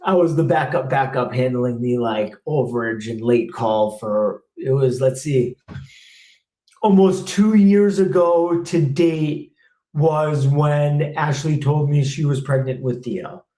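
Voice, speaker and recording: A man's voice: fairly high pitch, steady tone, takes it slowly, warm tone, echoey room. A man in his thirties, a former technician hosting a live Q&A, talking in a blunt, fired-up way and swearing freely. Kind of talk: live Q&A rant.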